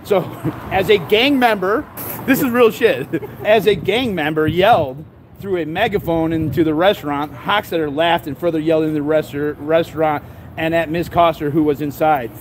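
A man's voice: on the high side, normal speed, a little hiss or hum. A man reading court papers aloud outdoors, stumbling over the words and breaking off with laughing, sarcastic asides. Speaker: vlogger.

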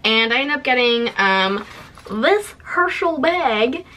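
A Canadian vlogger in her twenties chats casually on camera in a haul about items she bought and received, bubbly and full of fillers. Her voice is fairly high, bright and forceful, with lively intonation, and she speaks slowly.

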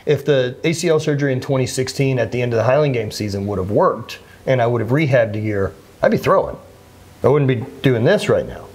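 A man in his thirties with a husky, slightly breathy voice speaks as an interview guest. He talks plainly and earnestly, often restarting mid-sentence as he works through what he wants to say. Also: mid-range voice, lively intonation, a little fast, a little mellow. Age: 30s. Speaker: interview guest, former athlete. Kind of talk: candid conversational interview.

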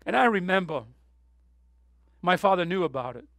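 A man preaching a sermon with passion, going from soft, tearful moments to loud, urgent appeals. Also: high voice, lively intonation, normal speed, vocal fry, dry recording. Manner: impassioned, swings from soft to loud; emotional, near tears. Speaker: pastor.

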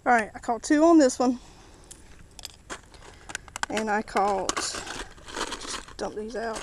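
This fishing vlogger, a woman with a slightly high voice, speaks slowly as she narrates her catches by the water and chats to each fish she unhooks. Background noise can be heard.

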